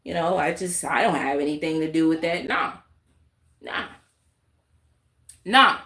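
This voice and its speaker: Speaking to camera in a candid YouTube vlog, a woman rants emphatically, repeats her points and gestures with her hands as she talks. Her voice is low and unhurried, pushed and bright, and the room is reverberant.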